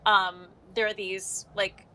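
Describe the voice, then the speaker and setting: A young woman guest in a casual chat, talking in an animated, self-deprecating way. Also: medium pitch, takes it slowly.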